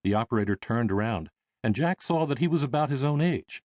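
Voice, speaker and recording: Expressive male audiobook narrator. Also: medium pitch, dry recording. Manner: measured, expressive. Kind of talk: scripted narration.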